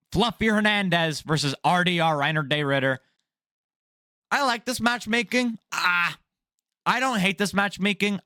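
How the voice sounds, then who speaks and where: A man's voice: high voice, sharp tone, no room sound, clean studio sound. A man hosting a sports news vlog, ranting casually in a blunt, jokey, profane way. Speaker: MMA news vlogger.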